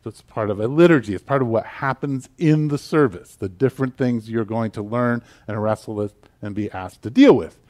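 A man with a Southern US accent, preaching a sermon in a casual, animated way with prayer. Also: medium pitch, fairly quick, hardly any pauses. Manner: conversational, animated, with fillers and asides. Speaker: pastor.

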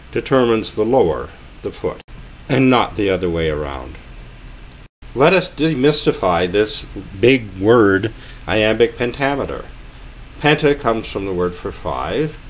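A man giving a measured, explanatory spoken lecture on poetry and music. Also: on the low side, slight background noise. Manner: measured, explanatory, slows to scan quoted verse.

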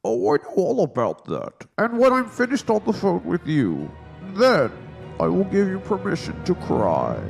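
A man playing a smug masked brute villain, drawling slowly in a raspy, gravelly voice that leaps up and down in pitch. He taunts with slow menace, with faint music behind him. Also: wildly swooping pitch, heavily acted. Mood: taunting.

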